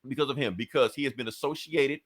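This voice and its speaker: A man's voice: mid-range voice, quick pace. A man co-hosting a podcast in casual chat, swearing and laughing often. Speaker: podcast co-host.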